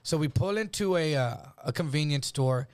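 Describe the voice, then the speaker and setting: A middle-aged man, a comedian guest, telling a rough, profane story in casual chat and acting out the people in it. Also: fairly high pitch, moderate pace. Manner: animated, profane, acts out voices in his story.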